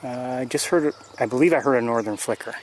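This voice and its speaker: A man's voice: mid-range voice, fast. Man narrating a birding walk outdoors. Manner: thinking aloud, hesitant restarts, chuckling at geese. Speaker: birding tour host. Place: outdoors on nature trails by a pond. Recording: faint outdoor noise. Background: birdsong and outdoor ambience.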